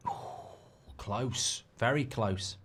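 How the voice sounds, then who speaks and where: Man, football watchalong host, excitable, chatty, sweary. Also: mid-range voice, very slow, noisy background. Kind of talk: live football watchalong commentary.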